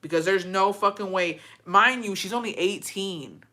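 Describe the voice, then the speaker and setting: Bright-voiced woman ranting, outraged. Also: medium pitch. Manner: profane, outraged, fast-shifting rant. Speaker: commentator reacting to a story. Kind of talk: heated reaction commentary.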